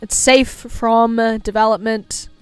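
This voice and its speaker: Slow, playful young woman streamer. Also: fairly high pitch, level tone, clean tone, no echo, soft background music. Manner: playful and giggly, drifting into quiet mumbled asides. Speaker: livestreamer. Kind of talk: casual stream chat.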